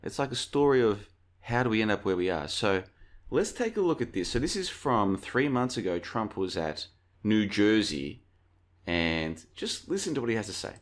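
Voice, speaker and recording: A man's voice: on the low side, sing-song, moderate pace. A man hosting a casual commentary video, rambling through anecdotes and calling his viewers folks. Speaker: video host.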